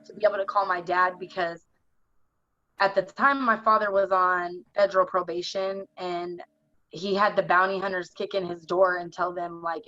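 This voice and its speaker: A young adult woman telling her own story in conversation, in a halting, earnest way full of "like". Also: fairly low pitch, level tone, pushed and bright, dry recording. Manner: halting, earnest, heavy use of "like". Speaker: interview guest. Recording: dull, dry lo-fi recording.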